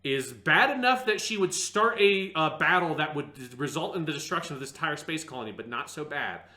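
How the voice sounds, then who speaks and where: A man's voice: on the high side, animated, fairly quick, bright, forceful tone, roomy sound. A man co-hosting a casual review discussion, rambling with many fillers and hesitant restarts, sometimes slipping into mocking impressions. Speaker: podcast co-host.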